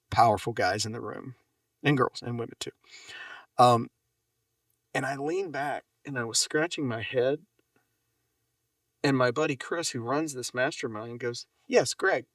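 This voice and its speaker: A man's voice: medium pitch, a bit bright, no room sound, studio quality, recorded from a distance. A man guest on a conversation podcast, reflecting and telling anecdotes with emphasis. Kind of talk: casual conversation.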